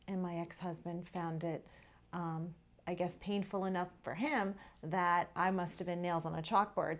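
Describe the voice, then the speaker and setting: A middle-aged woman hosting her own vlog, telling a personal story to her viewers in a candid, conversational way. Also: medium pitch. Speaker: vlog host.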